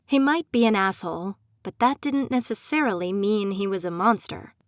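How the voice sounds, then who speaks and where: A woman's voice: medium pitch, animated, moderate pace, no room sound. A young adult woman reads a first-person audiobook with a mid-range voice, emotive and often pleading and desperate in dialogue. The sound is dry and close, with no room around it. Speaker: audiobook narrator.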